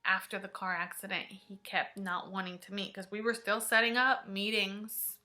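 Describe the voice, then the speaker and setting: A woman vlogger telling a personal story in an emotional, halting way, sometimes dropping to a hush. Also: medium pitch, level tone.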